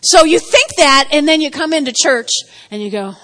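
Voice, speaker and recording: High-voiced lively woman pastor preaching. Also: a little slow. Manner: animated, laughing, storytelling. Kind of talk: sermon.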